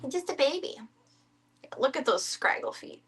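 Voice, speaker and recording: A woman's voice: high-pitched, sing-song, moderate pace, a bit bright. Chatty woman streaming with her pets. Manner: coos baby talk at her pets; chatty and wry. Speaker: live streamer. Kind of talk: casual stream chat. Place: at home.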